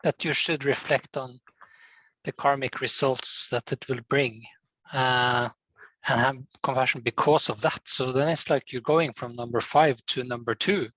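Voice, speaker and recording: A man's voice: mid-range voice, fairly even intonation, unhurried, a bit bright, no echo, rough recording. Man asking a question on a call. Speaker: discussion group participant.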